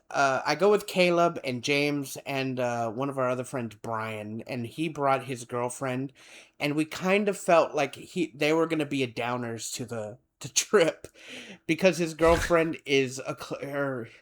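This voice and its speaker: In a mid-range voice at a slightly slow pace, a podcast co-host meanders through a story during casual chat. He gets animated and performs the voices of the people in it.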